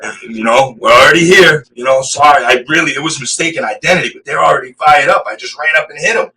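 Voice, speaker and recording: Guy from massachusetts rambling thru a story, lots of cussing, bright edgy voice, sits a bit back from the mic. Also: medium pitch, quick pace, distant mic, low-quality recording. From Massachusetts, USA. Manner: rambling, profane, keeps saying "you know what I mean". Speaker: podcast guest. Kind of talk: casual storytelling of prison life.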